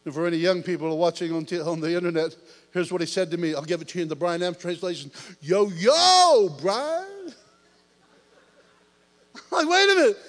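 A man preaching a lively sermon, telling his testimony with shouts, jokes and laughter. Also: sits high, long reverb tail.

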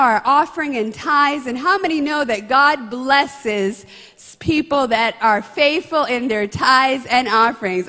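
A woman's voice: high voice, sharp tone, big-room sound. A woman leading a church announcement and prayer, speaking in an earnest, heartfelt way. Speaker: church ministry leader. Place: church sanctuary.

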